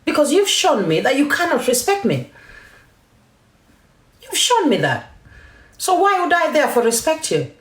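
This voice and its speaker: A woman's voice: sits high, huge pitch swings, moderate pace, long pauses, echoey room. A woman from Kenya hosting a live stream, talking emphatically and defiantly, mixing English and Swahili. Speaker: TikTok live host. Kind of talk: heated live-stream rant.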